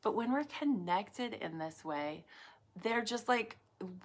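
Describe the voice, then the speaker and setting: A woman speaking to viewers in a live talk about inner calm, in soft, reflective phrases full of "like" and pauses, sometimes dropping to a whisper. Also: mid-range voice, husky. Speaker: wellness speaker.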